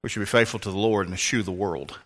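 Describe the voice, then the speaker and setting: A man's voice: fairly low pitch, fast. An older man, a pastor, preaching a sermon in an emphatic, folksy way with asides to the congregation.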